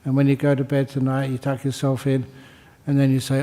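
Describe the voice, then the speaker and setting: Older male monk, dharma teacher; mellow, humorous, conversational. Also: mid-range voice, completely flat delivery, a little fast, few pauses. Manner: joking, conversational, repeats phrases for emphasis. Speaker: Buddhist monk teaching meditation. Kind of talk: dharma talk answering questions.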